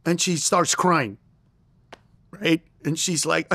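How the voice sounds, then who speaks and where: Middle-aged male comedian as guest, animated storyteller, high and expressive, close dry studio mic. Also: measured pace, pauses often, no room sound. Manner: acts out quoted lines in a raised voice.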